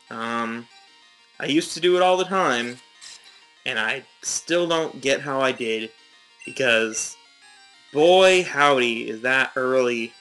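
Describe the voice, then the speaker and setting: Young dude rambling through a let's play, bright tone, quiet game music under him. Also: male voice, medium pitch, low-quality recording. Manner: rambling, chatty, self-mocking. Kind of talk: casual gameplay commentary.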